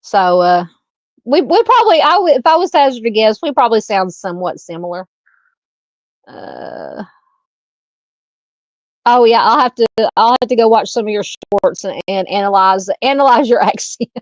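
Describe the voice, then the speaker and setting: A woman from Arkansas with a Southern Arkansas accent, hosting a true crime live stream, thinking aloud in a halting way while she reads and answers viewer comments. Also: fairly high pitch, lively intonation, no echo, lo-fi sound.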